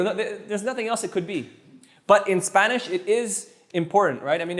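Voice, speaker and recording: A high-pitched man who grew up speaking French teaches Spanish one-on-one. He talks in an animated, playful way, often repeating words and tossing in jokes. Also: fairly quick. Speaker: Spanish tutor. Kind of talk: energetic one-on-one language lesson.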